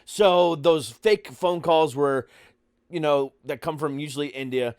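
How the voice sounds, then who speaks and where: A man's voice: a little high, a little slow, clear, resonant tone, dry recording, studio quality. A man hosting a podcast, telling comic stories casually and acting out the scenes with frequent laughter. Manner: animated, laughs often, acts out scenes. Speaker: podcast host.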